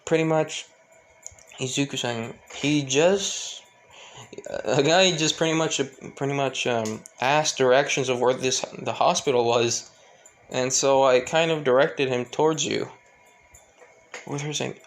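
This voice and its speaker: A man's voice: mid-range voice, steady tone, a little slow, a little hiss or hum. A man telling an improvised fan story, rambling and correcting himself as he loosely voices each character's lines.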